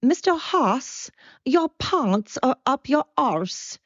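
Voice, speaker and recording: A woman voicing a blunt teenage schoolgirl exchange student with a South African accent, drawn out and high. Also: big pitch swings, no room sound, highs cut off, full character voice. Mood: teasing. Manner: high, slow, drawn-out put-on delivery.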